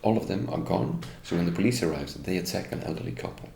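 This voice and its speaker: A middle-aged man speaks English in a very low, gravelly voice. He tells his account with bitter indignation and keeps turning to accuse the people he blames. The sound is roomy and echoey, with faint ambience behind him. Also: lively intonation, fast talker, mellow. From Norway. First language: Norwegian. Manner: indignant, bitter, addresses the police directly. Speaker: interviewee. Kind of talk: first-person account.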